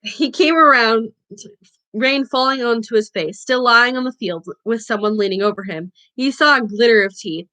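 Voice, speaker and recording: A woman's voice: mid-range voice, normal speed, sharp tone, low-quality recording. A woman reading a novel aloud for a book club, stumbling and correcting herself as she goes. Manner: reads with slips and self-corrections.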